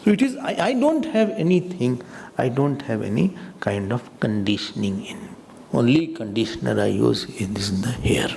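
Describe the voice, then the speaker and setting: A man's voice: medium pitch, normal speed, vocal fry, slight background noise. A man with an Indian accent giving a spiritual talk to a live audience, teasing listeners and laughing between points. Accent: Indian English. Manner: lively storyteller who acts out quoted voices. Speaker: swami teaching scripture.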